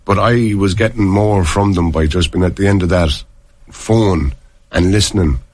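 A man's voice: deep voice, moderate pace, a little mellow. An Irish man and former player, chatting casually and telling long, rambling stories full of restarts. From Ireland. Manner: rambling storyteller, many restarts. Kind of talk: casual chat.

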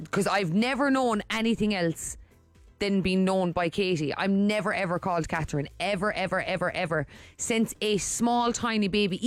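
A woman's voice: mid-range voice, dry recording. A woman co-hosting a morning radio show, telling a rambling story in casual chat with lots of restarts. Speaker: radio co-host. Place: radio studio. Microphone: studio microphone.

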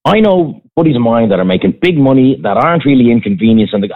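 Irish guy ranting hard, husky voice, sounds like a phone line. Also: medium pitch, lively intonation, quick pace, hardly any pauses. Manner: fired-up ranting, blunt and profane. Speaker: podcast guest, former restaurant owner. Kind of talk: casual chat.

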